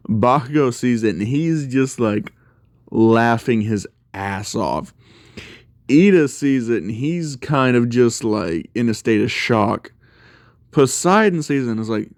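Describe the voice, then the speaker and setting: A man's voice: mid-range voice, animated, a little slow, darkish tone, no room sound, clean studio sound. A man casually telling a fan story aloud, with many fillers and restarts.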